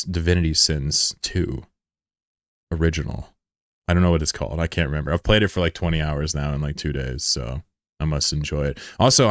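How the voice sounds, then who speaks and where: Deep-voiced young man bantering on stream. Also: dry recording, clean studio sound. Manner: loose, profane, joking banter. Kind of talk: casual live-stream chat.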